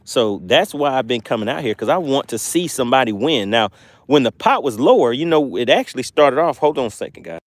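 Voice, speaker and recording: A man's voice: mid-range voice, sing-song, a little fast, no room sound, clean studio sound. A man with a Southern US accent, from Georgia, hosting a fishing livestream outdoors by the water and chatting casually with viewers. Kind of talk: casual live-stream chat, reading comments.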